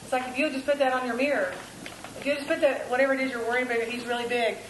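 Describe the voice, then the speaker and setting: A woman's voice: sits high, fairly even intonation, rapid-fire, slight background noise. Folksy woman preaching in an echoey room. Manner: folksy, engaging the audience with questions. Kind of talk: conversational sermon.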